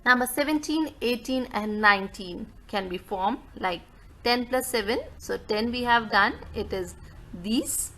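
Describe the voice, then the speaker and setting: Slow, higher-voiced woman teaching. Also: bright, forceful tone, low-quality recording. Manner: says each number twice, plainly. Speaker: French teacher. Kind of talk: slow spoken lesson with repetitions.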